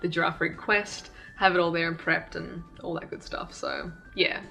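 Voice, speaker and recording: A woman's voice: on the low side, big pitch swings, moderate pace, vocal fry, pushed and bright, faint music behind. A young adult woman, talking candidly and self-deprecatingly in a casual vlog, laughing often. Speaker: YouTube creator. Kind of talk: casual reflective vlog talk.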